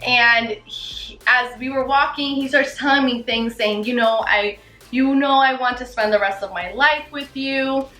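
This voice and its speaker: A young woman telling her story to camera in a casual, excited and gushing way, full of "you know" and "like". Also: high voice, measured pace, roomy sound, rough recording. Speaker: vlogger.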